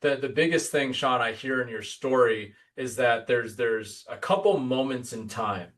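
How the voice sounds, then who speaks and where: A man hosting an interview, with short encouraging interjections and quick asides. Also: medium pitch, fairly bright tone. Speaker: podcast host.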